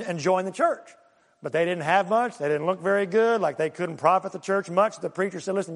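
A male pastor preaching a sermon, swinging between loud calls and quiet low asides. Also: long reverb tail.

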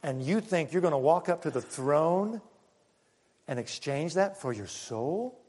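An older man preaching a sermon and telling stories, moving from loud, emphatic lines to hushed ones. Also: a little high, a little slow, husky. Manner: animated, swinging from loud to hushed. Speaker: pastor. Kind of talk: sermon with personal storytelling. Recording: long hall reverb.

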